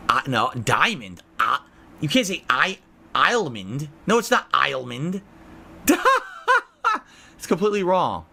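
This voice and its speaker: A man's voice: a little high, gravelly, sharp tone, slight background noise. A man hosting a live-stream podcast who chats casually with his viewers, reading out their messages and answering them with blunt sarcasm.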